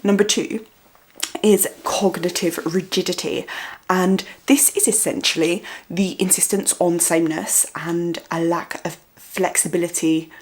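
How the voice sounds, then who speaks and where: A young woman vlogging, talking loudly at one volume, repeating words for stress and putting emphasis in unexpected places. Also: on the low side, fairly even intonation, measured pace. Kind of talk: casual explanatory vlog.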